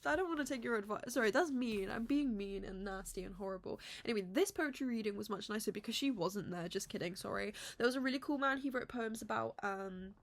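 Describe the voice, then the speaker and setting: A young woman from England chats to camera at home in a casual vlog. Her voice sits a touch high, and she rambles through her stories, full of fillers. She keeps poking fun at herself and apologizing for being mean. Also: fast talker, hardly any pauses. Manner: chatty, self-deprecating, rambling with many fillers. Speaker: vlogger. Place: home room.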